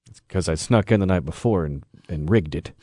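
A man's voice: low-pitched, a little fast, dark tone, dry recording. A man co-hosting a radio show, cracking jokes and teasing in casual studio banter. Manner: joking, teasing.

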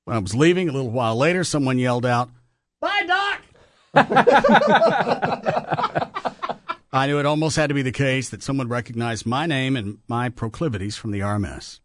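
A man's voice: medium pitch, fast talker, few pauses, dry recording. A man hosting a radio show, telling stories in casual studio banter and laughing often. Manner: animated, laughing storyteller.

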